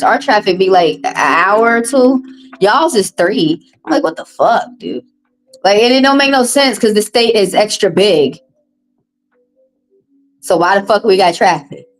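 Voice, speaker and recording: A woman with a Southern US accent reading tarot on a live stream, chatting casually in a profane, animated way. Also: mid-range voice, poor audio. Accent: Southern US, Texas. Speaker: tarot reader.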